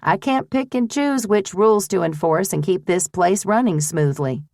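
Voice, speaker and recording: A woman voicing a shrewd older woman who runs a boarding house, brisk, firm and teasing. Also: medium pitch, animated, darkish tone, no echo, studio quality, close to an everyday voice.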